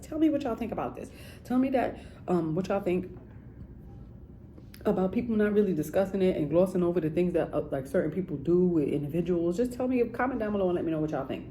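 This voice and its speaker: A woman's voice: sits low, warm tone, slight background noise, rough recording. A woman giving casual, sassy commentary straight to her viewers. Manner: chatty, sassy, addresses viewers directly. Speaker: commentary vlogger.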